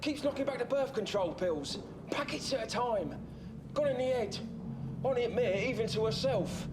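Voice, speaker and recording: Rambling man, deadpan. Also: sits high, normal speed, over loud music. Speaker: storyteller. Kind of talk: comic first-person monologue.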